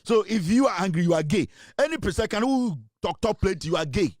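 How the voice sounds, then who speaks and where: With a voice that sits high and sounds expressive and slightly mellow, this Ghanaian host talks a little fast through a casual monologue on his online show. He mixes Twi into his English and needles listeners with rhetorical questions, all in clean studio audio free of room sound.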